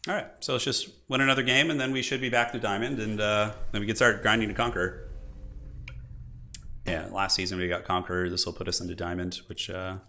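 A man with a hoarse voice from a cold, commentating his own live gameplay and chatting with viewers as he plays. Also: on the low side, steady tone, brisk, pushed and bright. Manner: chatty, thinking aloud, answering viewers. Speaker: game streamer.

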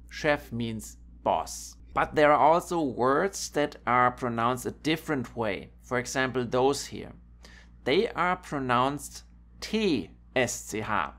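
Slow male teacher. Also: mid-range voice, a bit bright. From Germany. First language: German. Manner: slow and deliberate, repeating each example word twice. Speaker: language teacher. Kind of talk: pronunciation lesson.

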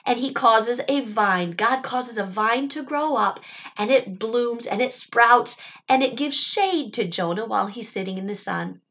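Animated, higher-voiced woman storyteller. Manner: animated, expressive, with explanatory asides. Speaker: children's Bible storyteller. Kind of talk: storytelling to children.

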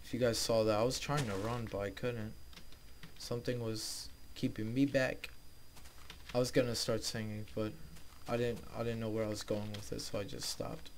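A man's voice: lowish voice, steady tone, moderate pace, slight background noise. A young man hosting a let's play, casually commenting on his game and talking to his viewers, easily frustrated but upbeat. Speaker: gaming video host.

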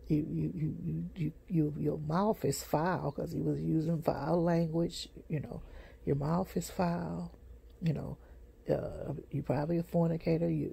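A street preacher giving a rambling personal testimony, halting and repeating, sleepy and yawning, with many fillers and restarts. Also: medium pitch, vocal fry, dark tone, breathy edge.

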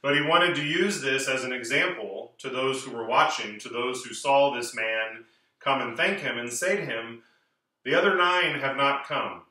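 A priest with a bright, mid-range male voice reads scripture and preaches a homily in a large church. His delivery is measured and clear, with slow, emphatic pauses, and the echoey recording makes him sound far away.

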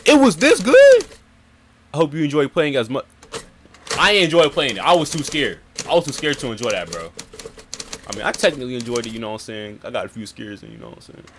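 A young man playing a horror game and commenting in a slangy, excitable way, yelling whenever he gets scared, with game music under his voice. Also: mid-range voice, fast, noisy background. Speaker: gaming YouTuber.

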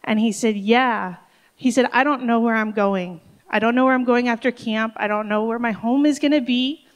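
A woman's voice: fairly high pitch, normal speed, dull audio. A woman who directs a summer camp, telling a heartfelt story with emotion at a church service. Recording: long hall reverb.

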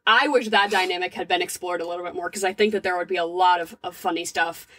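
A young woman co-hosting a podcast in casual chat, animated and incredulous, swearing freely. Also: lowish voice, fast talker, no echo. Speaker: podcast co-host.

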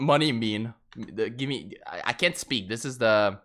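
A male live streamer chatting casually with his viewers, swearing a lot and jumping into shrill outbursts. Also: slow, vocal fry, sharp tone.

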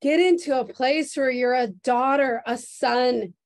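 A woman pastor preaching a prophetic sermon in a slow, earnest, emotional way, repeating her phrases, heard over a video call. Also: high voice. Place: church service streamed on video call.

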